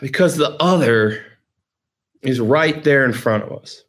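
A man's voice: mid-range voice, measured pace, fairly bright tone. A middle-aged man hosting a vlog, telling a personal story with emotion, rambling and repeating phrases for emphasis. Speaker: host.

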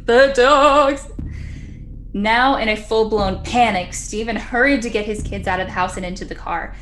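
A woman's voice: medium pitch, brisk, a bit bright, faint music behind. A woman casually telling a ghost story on a podcast, chatty and laughing now and then. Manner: chatty, laughs often, acts out quotes.

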